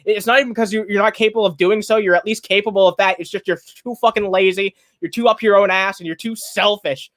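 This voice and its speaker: A man's voice: high voice, fairly even intonation, quick pace, hardly any pauses, fairly bright tone, dry recording. A man hosting a livestream, ranting heatedly with lots of swearing and repeated restarts. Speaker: streamer host. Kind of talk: angry reaction livestream commentary.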